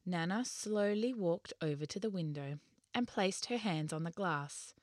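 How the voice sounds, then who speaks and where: A woman narrating a children's story in an expressive, lively way. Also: on the low side, a little slow, no echo, studio quality.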